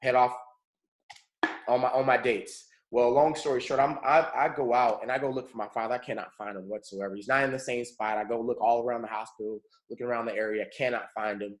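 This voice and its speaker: A man's voice: medium pitch, steady tone, a little fast. A man from California leading a morning mentorship call, telling a personal story in an earnest, motivational way and often calling his listeners folks. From Pomona, California. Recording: roomy echo.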